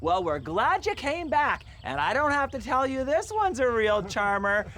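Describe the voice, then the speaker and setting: An actress playing a chatty, teasing small-town neighbor. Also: female voice, a little high, big pitch swings, fairly bright tone. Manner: teasing, folksy, drawn-out.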